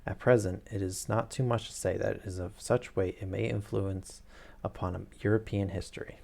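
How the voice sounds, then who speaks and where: A man's voice: fairly low pitch, fairly even intonation, normal speed, creaky, darkish tone. A man reading aloud the grave, formal lines of a towering, proud masked nobleman in his own voice.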